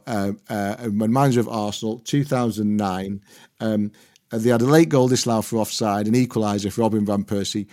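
Over a video call, a man co-hosts a football podcast, trading anecdotes and laughing in between. His voice sits lowish with a darkish tone, and the talk is casual football chat.

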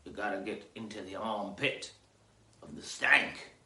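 A man hosting a rambling comedy podcast, talking theatrically and jokily, jumping from loud outbursts to mumbled asides, on grainy audio with clicks. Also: on the low side, a little slow, reverberant. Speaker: podcast host.

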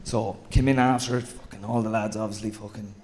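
A man's voice: fairly low pitch, fairly even intonation, brisk, slight background noise. A man, a former footballer, telling swearing, laughing anecdotes in casual chat. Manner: swearing, laughing anecdotes, mimicking a shouting manager.

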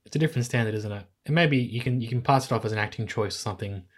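An Australian woman co-hosting a podcast, measured and gently questioning in a casual film chat. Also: rumbling low. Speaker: podcast co-host.

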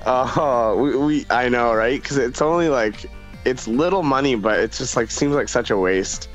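A man's voice: medium pitch, normal speed, soft background music, poor audio. A man co-hosting a video game podcast, easygoing and a little hesitant, often restarting his sentences. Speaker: podcast co-host. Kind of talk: casual chat.

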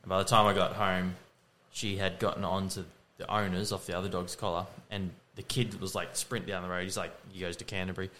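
A man's voice: deep voice, flat delivery, a little fast, pushed and bright, slight background noise. A young man, casually rambling through a story as podcast co-host, laughing often. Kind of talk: casual chat.

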